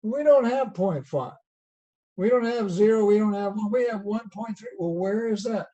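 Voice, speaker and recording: A man with a Southern US drawl teaches over a video call, unhurried and folksy, checking in with rhetorical questions. His voice sits fairly high but sounds mellow and warm. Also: dull audio. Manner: folksy, drawn-out, chatty explaining with rhetorical questions. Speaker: college teacher. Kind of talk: online lecture.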